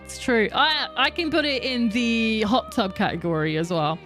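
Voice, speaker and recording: A woman's voice: fairly high pitch, normal speed, fairly bright tone, faint music behind. A young adult woman livestreamer chatting casually with viewers, rambling and laughing often. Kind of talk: casual chat with stream viewers.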